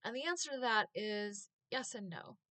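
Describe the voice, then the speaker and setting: A woman's voice: fairly high pitch, animated, normal speed, sharp tone, dry recording. An American woman talking casually to camera in a chatty, reflective vlog, with frequent filler words. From United States. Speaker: vlogger.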